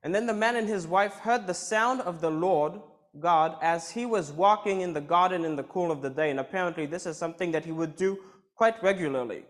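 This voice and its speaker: A man's voice: high-pitched, a little fast. Man preaching a Bible sermon. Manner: explanatory, reads scripture then comments.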